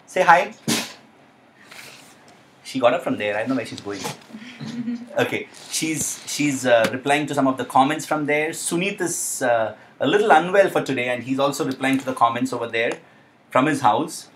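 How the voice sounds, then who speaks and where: A young man with an Indian accent hosting a casual live Q&A, chatty and excitable, with lots of uh and um. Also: mid-range voice, moderate pace, slight background noise. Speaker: live stream host.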